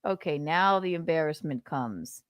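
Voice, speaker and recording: A woman's voice: low-pitched, animated, moderate pace, dry recording, studio quality. A woman co-hosting a casual comedy podcast, playful and laughing often as she mocks people in exaggerated voices. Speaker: podcast co-host.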